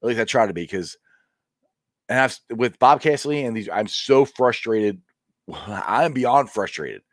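Excitable, rambling sports show host man. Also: medium pitch, a little slow, no echo, studio quality. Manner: excitable, rambling, laughs often. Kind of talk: casual live-stream chat.

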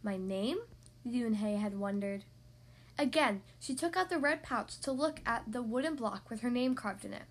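A woman hosting a podcast, reading a picture book aloud to young children in a gentle, expressive way. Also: fairly high pitch, normal speed. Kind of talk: storybook read-aloud for young kids.

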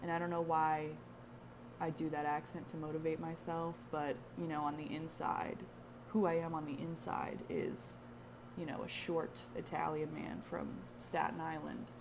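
A woman's voice: deep voice, flat delivery, normal speed, noisy background. A young adult woman from the United States hosting her own podcast, talking candidly in a rambling, profane, self-mocking way. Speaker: podcast host. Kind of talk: casual solo podcast monologue.

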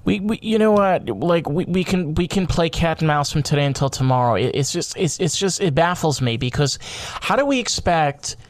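A man's voice: expressive, moderate pace, no room sound. A man hosting a podcast, giving a heated opinion monologue, rambling and restarting his words and swearing freely, his voice climbing when he gets worked up. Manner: grows loud and high-pitched when worked up. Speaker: podcast host.

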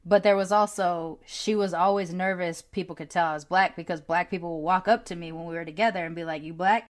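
A woman hosting a casual podcast interview, candid and animated, swearing freely and laughing often as she tells stories. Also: on the low side, fast talker. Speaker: podcast host.

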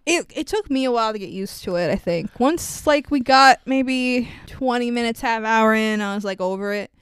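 A woman with a high, smooth voice hosts a casual movie review chat. She is animated, laughs often and swears without a second thought, and the sound is close and dry. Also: normal speed, dry recording. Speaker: podcast host.

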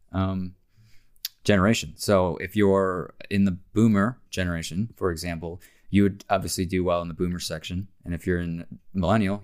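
A man co-hosting a sports podcast with a very low, smooth voice. He talks in a relaxed, rambling way, leaning on fillers as he goes through the week's games. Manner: relaxed, many "um" fillers, chatty. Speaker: podcast host. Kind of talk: casual sports podcast chat.

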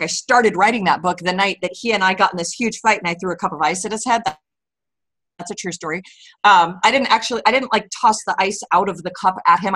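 A woman in her forties chats as a guest in an interview. She tells candid stories with plenty of energy. Her voice sits at a middle pitch, and she often stops and restarts her sentences. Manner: candid, animated storyteller with frequent restarts. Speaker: author guest. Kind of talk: casual interview chat.

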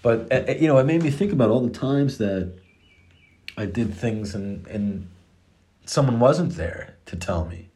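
A man's voice: mid-range voice, animated, measured pace, mellow. A middle-aged man casually telling a personal story about his daughters, rambling with many restarts and the odd curse.

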